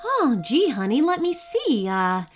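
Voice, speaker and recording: A warm, easygoing mother of two in a storybook reading, speaking gently and homely. Her voice is fairly high and lilts up and down, put on by a woman narrator. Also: wildly swooping pitch, measured pace, soft background music, full character voice. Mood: gentle.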